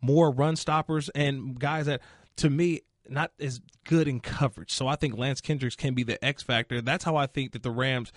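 A man hosting a sports radio show, upbeat and quick to laugh along with his co-host. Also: mid-range voice, fairly even intonation, no echo, studio quality.

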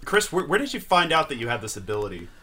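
A man's voice: a little high, very animated, quick pace, pushed and bright. Curious male podcast host. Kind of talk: casual interview chat.

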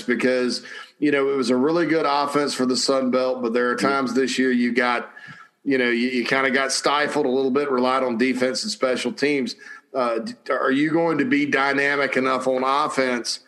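A man co-hosting a casual sports podcast, asking long questions in the manner of a reporter. His voice sits at an ordinary mid pitch. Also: level tone, normal speed, fairly bright tone. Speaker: podcast co-host.

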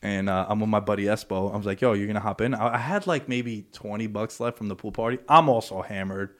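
A man's voice: on the low side, a little fast, a bit bright. A young man hosting a podcast, telling casual stories with laid-back slang. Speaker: podcast host. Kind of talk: casual chat.

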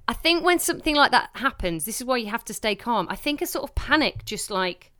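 A woman co-hosting a podcast, telling a story in animated bursts that speed up when she relives the panic. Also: on the high side, fairly quick, dry recording, studio quality. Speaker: podcast co-host. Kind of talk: casual chat.

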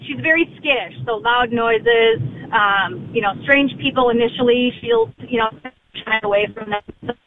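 Woman caller, phone from car; hesitant, tinny, rumbly. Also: expressive, moderate pace, a little hiss or hum. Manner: hesitant, with fillers. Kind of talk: phone call-in.

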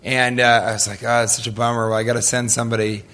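A man with a medium-pitched, fairly bright voice speaks fast and in a level tone. He fields audience questions at a live Q&A, telling stories in a loose, joking way and laughing often.

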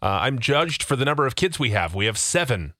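A man's voice: medium pitch, very animated, a little fast, sharp tone, no echo, clean studio sound. A man hosting a radio show, reading listener submissions aloud and teasing his co-hosts.

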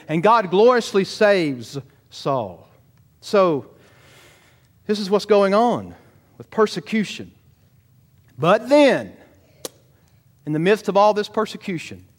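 A man preaching a sermon to his congregation, animated and full of rhetorical questions. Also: sits high. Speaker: pastor.

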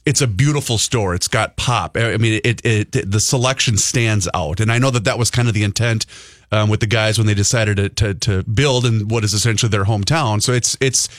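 A man's voice: medium pitch, dry recording, studio quality. A man hosting a casual radio talk show, chatty and rambling with many restarts. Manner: rambling, lots of restarts and fillers. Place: radio studio.

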